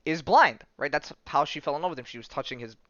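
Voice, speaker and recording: Chatty man recapping comics, bright voice. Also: on the high side, fast talker, no room sound, lo-fi sound. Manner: chatty, lots of "right?" and "like", laughs a lot. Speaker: podcast host.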